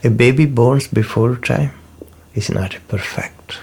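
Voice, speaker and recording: Slow gravelly man teaching. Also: medium pitch. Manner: unhurried, repeats key terms, non-native phrasing. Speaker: spiritual teacher. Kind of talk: slow spoken teaching talk.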